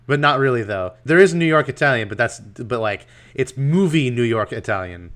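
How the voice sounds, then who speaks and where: A man's voice: medium pitch, lively intonation, moderate pace, fairly bright tone. A man playing in a tabletop game, talking with dry, teasing humor. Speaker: player. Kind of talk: casual chat during a tabletop game.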